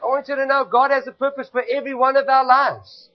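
High-voiced South African preacher. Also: male voice, level tone, fast talker, a little hiss or hum. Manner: emphatic, repetitive preaching with call-and-response. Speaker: pastor. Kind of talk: sermon. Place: church. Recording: dull lo-fi recording.

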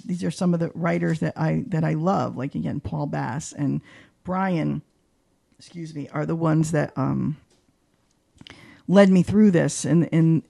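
Chatty woman with a gravelly, mellow voice. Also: no echo, clean studio sound. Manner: chatty and animated, with many fillers; voices quoted people with big pitch jumps. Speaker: guest, arts journalist. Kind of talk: casual interview conversation.

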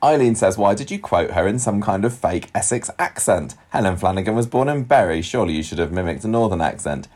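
A man's voice: fairly low pitch, lively intonation, darkish tone. A man co-hosting a podcast, bantering and joking in casual chat. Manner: jokey, quick banter. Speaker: podcast co-host.

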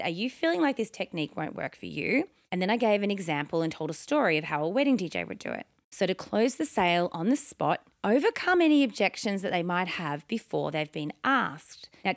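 A woman's voice: medium pitch, no echo, studio quality. A woman hosting a solo instructional podcast, talking in an upbeat coaching tone and ending her points with confident downward inflections. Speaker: podcast host and sales coach.

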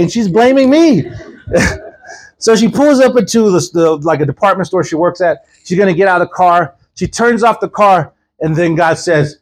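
A male preacher with a high, slightly husky voice tells a story from the pulpit. He acts out each character's lines with animated energy. He laughs often as he goes. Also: normal speed. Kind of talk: storytelling sermon.

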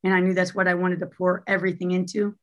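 A woman's voice: on the low side, flat delivery, fast, muffled recording. A woman telling a personal story as an interview guest, candid and chatty with lots of fillers. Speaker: guest, former basketball coach.

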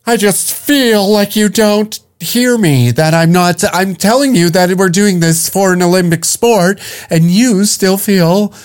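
A man's voice: high-pitched, measured pace, hardly any pauses, pitched above the performer's own voice. A man putting on the voice of a whiny woman who argues with her feelings, pleading and self-pitying.

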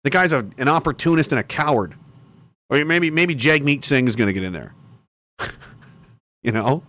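A man's voice: medium pitch, lively intonation, normal speed, pauses often. A man hosting a livestream, ranting angrily with heavy profanity and mocking sarcasm. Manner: angry, profane and sarcastic, with bursts of mocking shouting. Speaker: livestream host.

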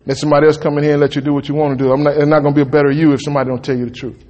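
A man preaching a sermon in a church, folksy and emphatic, with sudden loud peaks. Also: a little high, level tone, racing, muffled recording. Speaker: pastor. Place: church sanctuary. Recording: long reverb of a church hall.

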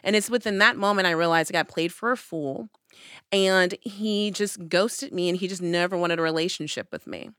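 A woman telling a personal story in casual conversation, acting out her own past lines with lively emphasis. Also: fairly low pitch, normal speed, clean tone, no echo, clean studio sound.

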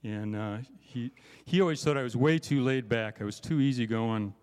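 A man's voice: medium pitch, moderate pace, darkish tone, smooth, long reverb tail. A man giving a conversational, self-deprecating sermon at a conference, often checking in with "right?" asides. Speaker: conference speaker.

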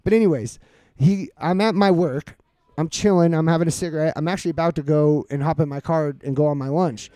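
A man's voice: on the high side, fairly quick, dark tone, dry recording. A young man hosting a podcast, telling a rambling, profane story to his friends in casual talk full of fillers. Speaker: podcast host.

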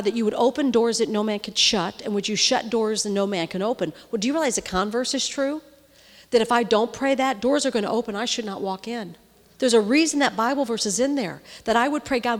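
A middle-aged woman preaching to a women's gathering, her voice carrying with a long reverb through a large hall. She talks conversationally and keeps checking in with her listeners. When she is moved she drops to a near-whisper. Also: a little high. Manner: conversational, often checks in with the audience. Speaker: women's ministry speaker. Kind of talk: sermon.

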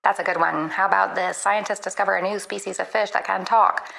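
A woman's voice playing an earnest, literal chatbot assistant in a comedy skit, polite and quick to apologize. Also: medium pitch, fairly even intonation, gravelly, fairly bright tone, low-quality recording.

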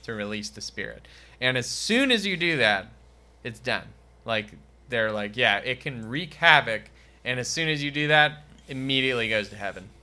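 A man with a very bright, cutting voice co-hosts a casual podcast. He tells stories in loose banter and keeps slipping into loud, high, mocking put-on voices for comic effect. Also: lively intonation, normal speed. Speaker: podcast co-host.

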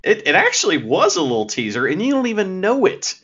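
Podcast cohost guy, wry, swears a bit, super animated, lo-fi sound. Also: sits high, fairly quick, husky. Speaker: podcast co-host. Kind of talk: casual podcast chat.

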